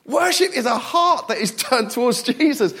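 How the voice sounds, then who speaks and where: A middle-aged man preaching a sermon, animated and self-deprecating, moving from loud bursts to hushed, quiet passages. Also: very high voice, moderate pace, slightly rough.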